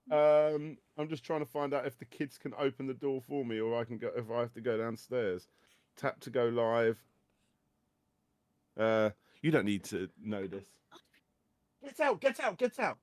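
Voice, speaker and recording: A man's voice: medium pitch, steady tone, a little slow, long pauses, a little mellow, clean tone, no echo. A middle-aged man hosting a podcast in casual chat, stammering into restarts and joking dryly. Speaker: podcast host.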